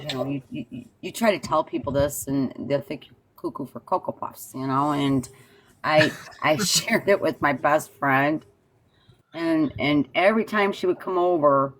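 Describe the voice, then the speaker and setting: A woman with a very low voice calls in and tells her strange experience conversationally. She grows animated, slipping into the voices of the people in her story. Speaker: caller. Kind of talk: casual storytelling.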